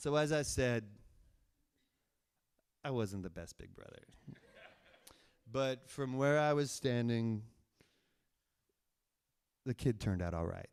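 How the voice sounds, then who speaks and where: A young man telling a funny story live on stage, swinging from hushed asides to loud, excited telling. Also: mid-range voice, slow, long pauses, clear, resonant tone. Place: live stage before an audience.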